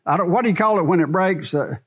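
A man's voice: sits high, quick pace, husky. A man preaching a sermon to a congregation in a church, asking rhetorical questions as he goes. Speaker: pastor.

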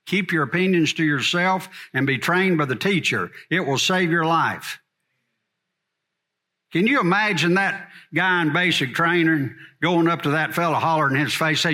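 A man's voice: a little high, pushed and bright. A middle-aged man teaching a church congregation in a blunt, folksy sermon style. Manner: folksy and blunt, drawling asides.

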